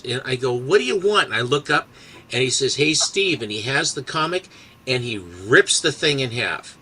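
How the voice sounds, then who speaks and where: A man in casual chat, telling a long family anecdote in a halting, rambling way. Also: mid-range voice, bright, forceful tone, husky, poor audio. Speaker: co-host.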